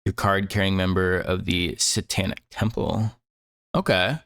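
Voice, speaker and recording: A man's voice: sits low, fairly even intonation, unhurried, creaky, fairly bright tone. A young man chatting casually on a stream while drawing, rambling with lots of fillers and laughing at himself.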